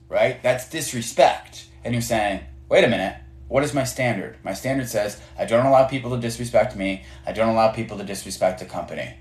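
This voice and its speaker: A man's voice: lowish voice, brisk. A man teaching a casual management class on a live stream, talking loosely with many fillers and acting out short bits of dialogue. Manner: conversational, many fillers and restarts, acts out dialogue. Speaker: management coach. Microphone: phone on a live stream. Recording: roomy echo.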